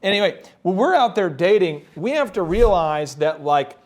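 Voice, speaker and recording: Man, higher-pitched voice, animated, jokey, self-deprecating, casual business podcast chat. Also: normal speed. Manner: animated storyteller, acts out other people's voices.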